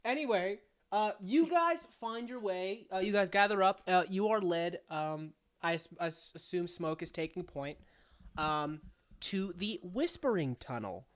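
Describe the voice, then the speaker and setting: A woman's voice: fairly low pitch, lively intonation, measured pace. Rambling, laughing woman game master. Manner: rambling narration full of fillers, laughs often. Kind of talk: narrating a tabletop game.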